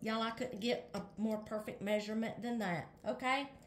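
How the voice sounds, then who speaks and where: An older Southern US woman demonstrates home cooking for her vlog in a voice on the high side, with fairly even intonation and normal speed, plus a little hiss or hum in the recording. Chatty and casual, she speaks to viewers as y'all and keeps checking okay.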